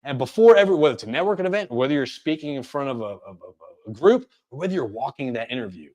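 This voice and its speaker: A man presenting a career coaching webinar, speaking rapidly and energetically with frequent fillers and restarts. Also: mid-range voice, animated, a little mellow. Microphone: webinar microphone.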